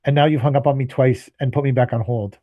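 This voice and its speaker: A man's voice: medium pitch, steady tone, quick pace, dry recording, highs cut off. A man co-hosting a casual podcast, telling an exasperated, profanity-laced story and acting out both sides of his phone calls, sounding tired. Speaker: podcast co-host, landscaping business owner.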